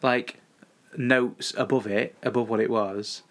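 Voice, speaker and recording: A man's voice: mid-range voice, fairly even intonation, measured pace, a bit bright. A man, co-hosting a casual chat and telling anecdotes in a laid-back, dryly funny way. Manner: laid-back, dry humour, tells anecdotes. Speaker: podcast co-host.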